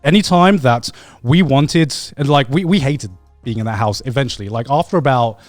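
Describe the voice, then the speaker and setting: A man co-hosting a podcast, telling a story in casual chat, animated and swearing freely. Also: mid-range voice, moderate pace, dry recording, soft background music. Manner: animated, swears a lot, acts out quotes. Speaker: podcast co-host.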